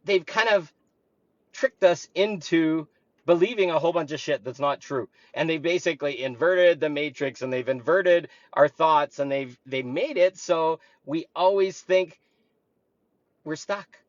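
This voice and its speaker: A man's voice: fairly high pitch, measured pace, dry recording. A man speaking earnestly and with emphasis, coaching listeners in a reflective spiritual monologue. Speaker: spiritual talk host. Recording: dull, lo-fi dry recording.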